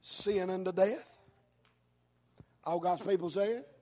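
A man preaching a fiery sermon in church, telling a story with a preaching cadence that rises into shouts. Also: sits high. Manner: preaching cadence, rising into shouts, drawn-out words.

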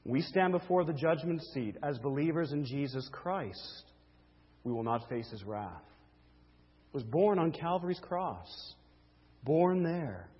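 High-voiced slow preacher man, echoing hall. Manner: emphatic, repeats key words, rhetorical questions; swings between booming and hushed. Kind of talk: sermon. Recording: lo-fi with long hall reverb.

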